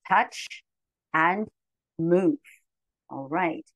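A woman leading an English lesson for very young learners, cheerful and slow, her voice jumping high on the commands. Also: a bit bright, dry recording, low-quality recording. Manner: cheerful, slow and clear, with big pitch jumps on commands. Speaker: teacher trainer leading a model lesson. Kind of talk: lively classroom teaching to young children.

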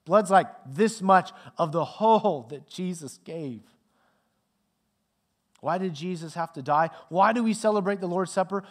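A middle-aged male pastor preaching a sermon with dramatic swings from loud emphasis to hushed near-whispers. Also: medium pitch.

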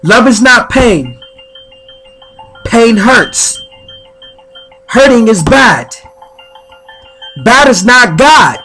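A man leading guided spiritual affirmations in slow, repetitive, chant-like phrases. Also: very high voice, very animated, pushed and bright, faint music behind. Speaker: spiritual speaker.

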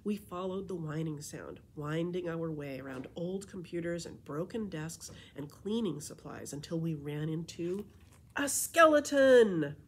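A woman librarian reading a children's storybook aloud with expressive, animated storytelling. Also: low-pitched, moderate pace, few pauses, a little hiss or hum.

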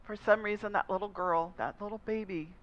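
A woman pastor preaches by telling personal stories in a relaxed, conversational way. Her voice sits at a middle pitch. The recording is slightly dull and lo-fi. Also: fairly quick. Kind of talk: sermon.

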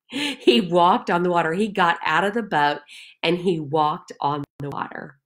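Lady teaching a bible study, slow and earnest, kinda low voice, talks right to you. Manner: earnest and heartfelt, reads scripture aloud, prays, addresses listeners directly.

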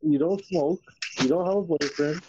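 Against some background noise and dull lo-fi stream audio, this host talks at normal speed in a slightly high voice. His live stream is full of crude jokes and frequent swearing, with teasing repetition and a recurring "you know what I mean".

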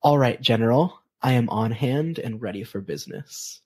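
A podcast storyteller quoting a sly, talkative witch spirit in a calm, husky voice. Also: mid-range voice, moderate pace.

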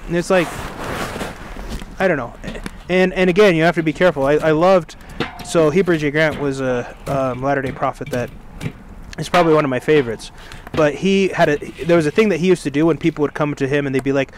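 Man, slightly high voice, casual religious chat, rambling storyteller, outdoors, faint traffic noise. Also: brisk. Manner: rambling, self-correcting storyteller. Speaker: podcast co-host. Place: outdoors by a fire.

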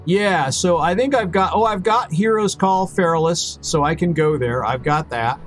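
Man, game streamer, casual rambling chat, repeats himself, slightly high voice, faint music behind. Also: moderate pace. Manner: rambling, repeats words and restarts often. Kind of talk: casual live-stream chat while gaming.

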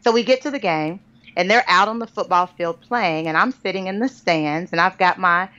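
A woman author, a podcast guest, telling a personal story in an animated, conversational way and calling listeners "girl". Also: lowish voice, normal speed. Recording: dull lo-fi podcast audio.

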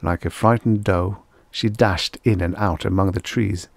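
A man narrating a vintage science fiction short story at a measured pace. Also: sits low, steady tone, creaky, dry recording. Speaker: audiobook narrator.

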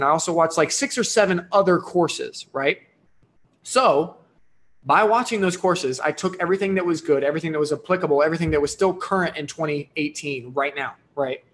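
A man with a fairly high voice delivering an energetic livestream sales pitch for his course. He talks in a pushy, excited way and keeps checking in with his audience. His tone is upbeat and persuasive. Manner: enthusiastic and pushy, with frequent "right?" and "here's the deal". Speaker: online course creator hosting a live sales stream.

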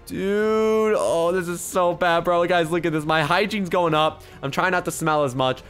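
A man doing excitable gameplay commentary as a video host, swinging from hushed murmurs to loud squeals. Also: a little high, moderate pace, soft background music. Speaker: gaming YouTuber.

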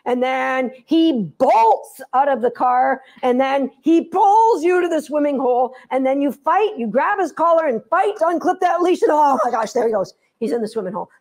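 A woman dog trainer giving an instructional talk, animated and playful as she tells stories. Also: sits high, normal speed, hardly any pauses.

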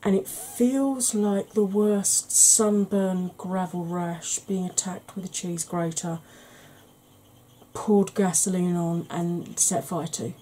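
A woman talks through an ASMR makeup tutorial in a soft, mellow voice, close to the mic. She is tired from lack of sleep. She chats and rambles with dry, self-mocking humour. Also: fairly low pitch, fairly even intonation, slow pace, a little hiss or hum, poor audio. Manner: chatty, rambling, wry humour. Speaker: beauty channel host.

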